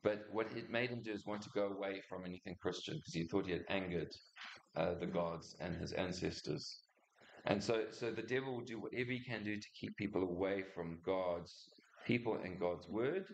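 A male pastor giving a chatty sermon, halting with frequent restarts and asides to the congregation. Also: low voice, creaky, slight background noise. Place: church hall. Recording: echoey church room.

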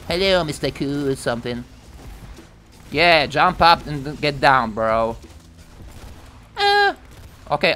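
Young male gamer, live commentary, bright lively voice, excitable, swears a lot, prone to yelling. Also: on the high side. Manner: excitable, profane, bursts into yelps and shouts. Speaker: gameplay commentator.

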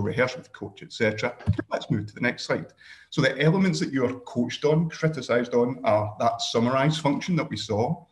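A man with a Scottish accent giving a relaxed screen-share software tutorial over a video call, with dry joking asides and frequent ums. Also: medium pitch, a little fast. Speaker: workshop presenter.

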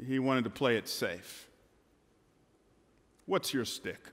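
Male pastor, sermon from the stage, bright ringing tone, long church reverb. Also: medium pitch, takes it slowly. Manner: emphatic, colloquial, swings from loud to hushed. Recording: long hall reverb, faint music.

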